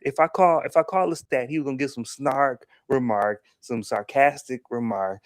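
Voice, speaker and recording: A man co-hosting a casual TV review discussion, animated and repeating himself as he makes his point. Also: medium pitch, moderate pace, hardly any pauses, no echo, clean studio sound. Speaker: podcast co-host.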